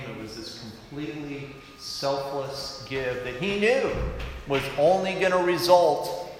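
A man preaching a sermon with emphatic delivery that swings from loud to hushed. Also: mid-range voice. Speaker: pastor. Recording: echoey hall, faint room noise.

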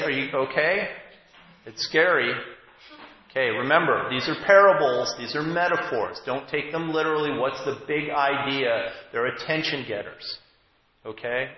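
A man preaching a conversational sermon, reading scripture and breaking off into joking asides and halting restarts. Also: mid-range voice. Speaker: pastor. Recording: echoey hall, dull lo-fi, faint noise.

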